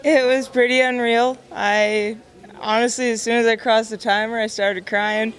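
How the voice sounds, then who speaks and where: A young woman, a barrel racer and horse trainer, answering in an emotional, modest, halting way. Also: a little high, little pitch movement. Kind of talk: casual interview answers.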